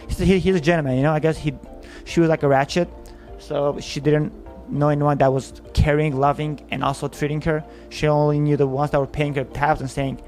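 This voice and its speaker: A man's voice: on the high side, fairly even intonation, brisk, faint music behind. A man telling a comic story about an ex, rambling with lots of fillers and acting out what was said. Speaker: comedian telling a dating story. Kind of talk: casual storytelling monologue.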